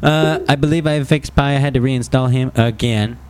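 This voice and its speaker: A man's voice: medium pitch, fairly even intonation, normal speed, darkish tone, smooth. A man hosting a podcast in casual chat, playful and laughing often. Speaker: podcast host.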